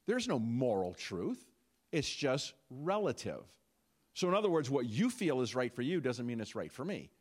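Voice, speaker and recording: A man preaching a sermon, animated, with frequent rhetorical questions and asides to the congregation. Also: medium pitch, normal speed, breathy edge. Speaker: pastor.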